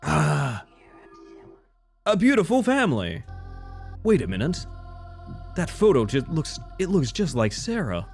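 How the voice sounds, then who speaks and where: An Australian man commentating his own horror game stream, his pitch leaping up and down as he jokes with his chat. He rambles and mocks himself, flipping between silly bits and dry asides. Faint music plays underneath him. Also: unhurried, vocal fry, long pauses. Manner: playful, rambling, self-mocking, swings between goofy and deadpan. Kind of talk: casual live-stream commentary.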